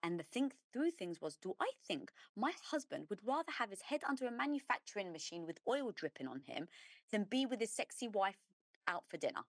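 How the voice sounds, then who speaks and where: A middle-aged woman who runs a business tells her story in an interview. She speaks with emphasis and acts out her own past thoughts. The pitch sits mid-range, and the voice is dry and close with little room sound. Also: big pitch swings, brisk, no room sound. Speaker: entrepreneur guest.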